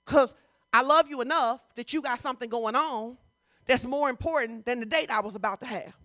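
A woman pastor preaching a sermon in a conversational, informal way, switching between loud emphasis and hushed asides. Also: fairly high pitch, fairly quick. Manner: informal, talks straight to the congregation.

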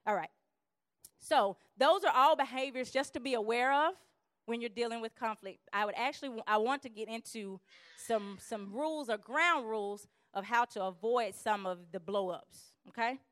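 A woman giving a lively church teaching on conflict, acting out quarrels in quick voices. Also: on the high side, dry recording.

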